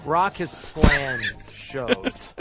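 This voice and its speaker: A man's voice: fairly high pitch, animated, very slow, over loud music. A man hosting a casual online talk radio show, upbeat and teasing his co-hosts. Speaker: host. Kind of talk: casual podcast chat.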